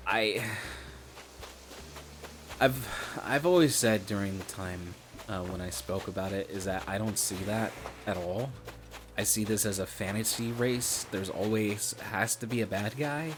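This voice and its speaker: A young man streaming a game, talking in a rambling, profane, sarcastic way. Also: lowish voice. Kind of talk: casual gaming stream chat.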